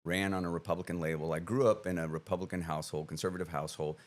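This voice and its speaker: A middle-aged man speaks quickly in a low, deep register. He is a guest on a studio podcast, talking frankly and casually and often laughing at his own jokes. His voice sits close on the mic. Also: fairly even intonation. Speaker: guest, district attorney candidate.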